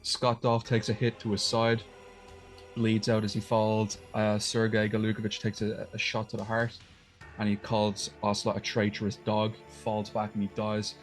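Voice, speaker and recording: A male co-host talks through a game's plot in a low, fairly flat voice, rambling and detailed. Faint music plays behind the casual chat. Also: normal speed. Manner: retells scenes in detail, loose and rambling. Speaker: podcast co-host. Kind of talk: casual game retrospective chat.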